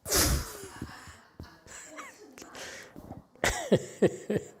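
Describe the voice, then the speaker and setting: A man's voice: very high voice, wildly swooping pitch, very slow, a bit bright. A middle-aged man sharing a self-deprecating story in a group class, laughing now and then as he talks. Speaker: class participant.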